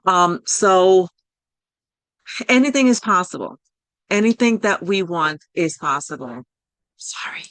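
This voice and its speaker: Woman life coach, accented English, lowish pitch, dry call audio, warm-up workshop ramble. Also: lively intonation, slow pace, long pauses, no room sound. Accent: non-native English accent. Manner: encouraging, loose and rambling, many fillers and apologies. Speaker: life coach leading a group session. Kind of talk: online workshop talk.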